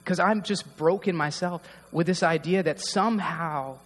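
Pastor guy preaching, kinda high voice, talks like he's chatting w/ the room, hall echo and hum. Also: normal speed, fairly bright tone. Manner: heartfelt, conversational, asks the congregation questions. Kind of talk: sermon. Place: church hall.

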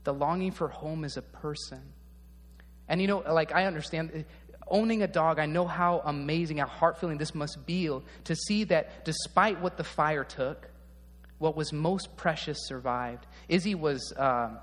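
A man preaching a sermon as a pastor, speaking in a relaxed, conversational way and often checking in with the audience. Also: on the high side, a little slow, long reverb tail.

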